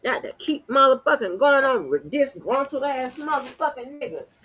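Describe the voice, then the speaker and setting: A woman's voice: high-pitched, very animated, normal speed, a bit bright, slightly rough. A woman hosting a livestream, talking bluntly and defiantly with heavy profanity and repeated words. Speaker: channel host. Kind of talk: livestream rant.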